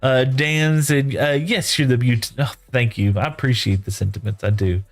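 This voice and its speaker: A mid-range voice with fairly even intonation belongs to a middle-aged man from West Texas speaking at normal speed. While streaming, he tells a long, meandering story folksily and casually, filled with "you know" and "right?".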